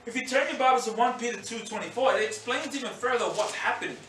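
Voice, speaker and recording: An animated pastor speaks quickly in a very high-pitched male voice, acting out scenes and voices during a church hall sermon. The sound is echoey from the distant mic, with a little hiss or hum.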